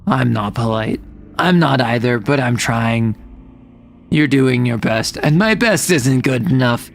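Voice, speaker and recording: A man voicing a gloomy, depressed male ogre who talks in a low, quiet deadpan. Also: unhurried, creaky, slight background noise.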